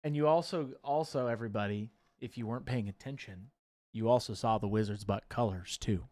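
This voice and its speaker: A man's voice: on the low side, a little fast, darkish tone. A man co-hosting a casual livestream and reading viewer chat aloud, playful and jokey with goofy asides.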